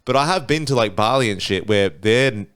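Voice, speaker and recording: A man's voice: on the low side, expressive, normal speed, a bit bright, smooth. A man with an Australian accent, co-hosting a casual podcast chat in a laid-back, reflective way. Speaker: podcast co-host.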